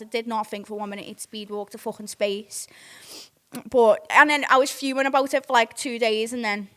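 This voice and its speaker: A woman's voice: fairly high pitch, brisk. A woman, hosting a podcast and telling a rambling, sweary story in a casual way. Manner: sweary, rambling, excitable retelling. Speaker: podcast host.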